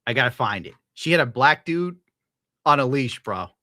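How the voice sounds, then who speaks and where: A man's voice: mid-range voice, lively intonation, moderate pace, pushed and bright, dry recording. Sarcastic streamer dude ranting and cursing, laughs at his own bits, dead dry sound. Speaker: streamer reacting to clips. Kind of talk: casual profane rant.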